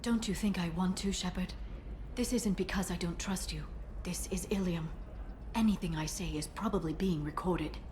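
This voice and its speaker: A woman's voice: fairly low pitch, moderate pace, darkish tone, a little hiss or hum, lightly acted. An actress playing a composed, guarded alien woman who works as an information broker, in video game dialogue. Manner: guarded, earnest.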